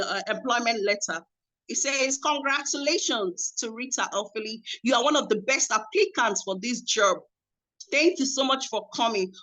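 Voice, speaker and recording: Young woman, conference testimony, emotive storyteller, slightly high pitch. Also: a bit bright, low-quality recording. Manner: emotive storytelling with reported dialogue. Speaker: conference speaker. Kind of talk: personal testimony talk.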